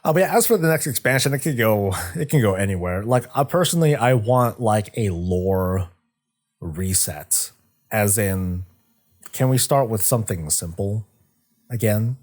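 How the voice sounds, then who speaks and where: A young man with a lowish, expressive, darkish voice chats casually on a livestream about game lore. Rambling and profane, he jokes his way through retelling a story and does quick impressions of the characters.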